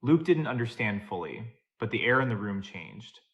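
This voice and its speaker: A man reading a scripted drama story in an even, steady narration. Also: mid-range voice, normal speed.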